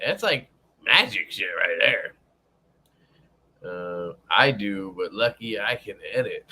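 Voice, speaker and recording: A man's voice: mid-range voice, sharp tone. A young man hosting a casual livestream, joking, cursing freely and greeting chat viewers by name. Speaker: livestream host.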